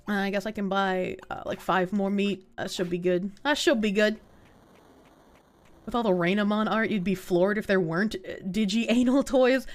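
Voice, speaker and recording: Lively, profane young woman streamer. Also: on the high side. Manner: casual, profane, joking with chat. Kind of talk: live game stream chat.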